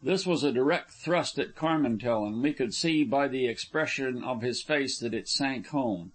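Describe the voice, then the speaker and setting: A man narrating an adventure audiobook in an even, measured reading. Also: medium pitch. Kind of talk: scripted narration.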